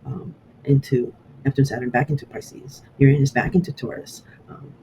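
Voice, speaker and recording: A man's voice: mid-range voice, level tone, dark tone, a little hiss or hum, poor audio. Rambling man reading a horoscope. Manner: rambling, halting with many fillers and restarts. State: emotional, voice catching. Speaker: astrology reader.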